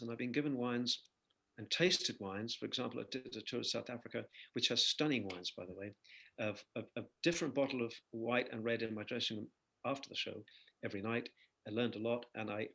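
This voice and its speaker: Older male guest, animated anecdotal storyteller, rough gravelly voice. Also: mid-range voice. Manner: animated anecdotal storyteller, laughs between phrases. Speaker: singer-songwriter guest. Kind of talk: conversational interview storytelling.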